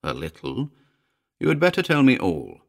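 A man voicing an eager gentleman house buyer who presses quietly and intensely for a ghost story. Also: medium pitch, huge pitch swings, moderate pace, vocal fry, pitched above the performer's own voice, heavily acted. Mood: pressing.

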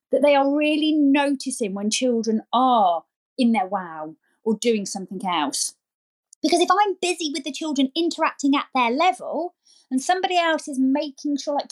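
A woman, a nursery founder, chatting energetically as a podcast guest and repeating words for emphasis. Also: high voice. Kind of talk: casual interview chat.

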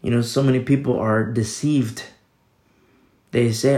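A man's voice: mid-range voice, fairly even intonation, moderate pace, dark tone, roomy sound. A man preaching a conversational sermon as pastor, briefly acting out the voices of the people in his story.

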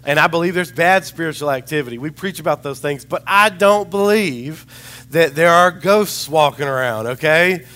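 A man delivers a sermon in a rambling, chatty, storytelling way, with a fairly high voice. His voice is a little hoarse as he recovers from losing it. He mixes in humor as he talks to his congregation. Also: expressive, moderate pace, sharp tone. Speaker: preacher.

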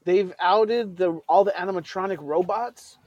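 A man from California telling stories with animated, joking energy on a call. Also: high voice, moderate pace, no echo, dull audio. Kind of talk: casual chat.

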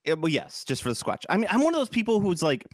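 A man co-hosting a podcast in casual, rambling chat, animated and quick to laugh. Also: high voice, dry recording, studio quality. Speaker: podcast co-host.

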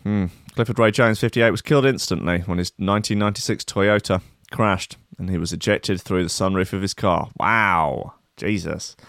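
A man's voice: sits low, moderate pace, hardly any pauses, a bit bright, no room sound. A man hosting a video, reading out news stories with dry, sarcastic and rambling asides. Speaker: video host.

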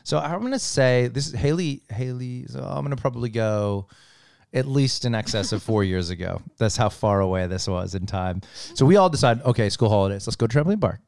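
A middle-aged man, chatting casually and telling an animated story, swearing freely and laughing as he goes. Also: medium pitch, brisk, gravelly, no room sound. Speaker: podcast co-host telling a story. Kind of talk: casual chat.

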